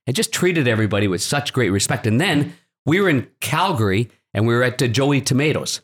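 A man who is a former goalie and now a broadcaster, a podcast guest telling long anecdotes in a relaxed studio chat, often restarting his sentences. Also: mid-range voice, fairly quick. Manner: rambling anecdotes with frequent restarts. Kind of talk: casual storytelling chat.

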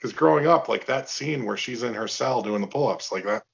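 A man guest on a video call interview, telling stories in an animated way with restarts and acted-out quotes. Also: mid-range voice, a little fast, vocal fry, muffled recording. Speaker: guest actor. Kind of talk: casual storytelling interview.

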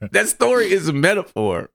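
A male podcast host telling a story casually, cursing freely and laughing along. His voice swings widely in pitch with a gravelly edge, recorded dry and close. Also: no echo. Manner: animated, profane, laughs through his story.

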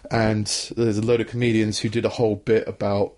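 A man's voice: fairly low pitch, flat delivery, a little fast, a little mellow. A young man co-hosting a casual comedy podcast, rambling, restarting his sentences and laughing often. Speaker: podcast co-host.

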